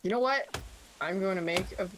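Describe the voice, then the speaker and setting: A woman's voice: medium pitch, normal speed. A woman guesting on a game stream, chatting casually and insisting on her plans in a playful way. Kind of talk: casual gaming chat. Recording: noisy mic.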